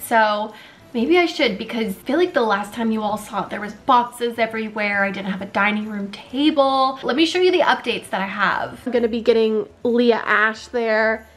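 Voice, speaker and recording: A woman vlogger giving an excitable, chatty tour of her own home. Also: fairly high pitch. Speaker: lifestyle vlogger. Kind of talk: casual home tour vlog.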